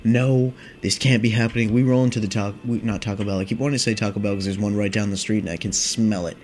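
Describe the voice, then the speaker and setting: A man's voice: on the low side, steady tone, racing, darkish tone, a little hiss or hum. A man in his twenties telling a long casual story, rambling and swearing with many fillers. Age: 20s. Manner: rambling, profane, filler-heavy with constant "like" and "dude". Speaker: vlogger.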